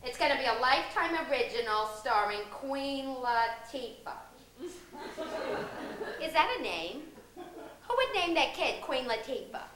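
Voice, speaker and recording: A woman playing a loud, gossipy older woman who scolds and minds a small child, in a one-woman stage comedy. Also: sits high, big pitch swings, roomy sound, noisy background. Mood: gossiping. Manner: brash, scolding, quick-tempered. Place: theater stage.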